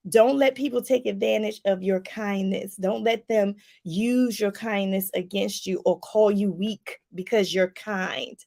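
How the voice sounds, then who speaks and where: Animated woman life coach, gravelly voice. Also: medium pitch. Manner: animated, laughing, talks straight to the viewer with "y'all". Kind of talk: casual advice talk to viewers.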